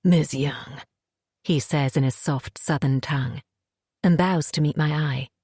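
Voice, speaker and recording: Low, husky woman narrating. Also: normal speed, a little mellow, no room sound, studio quality. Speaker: audiobook narrator. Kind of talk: scripted first-person narration.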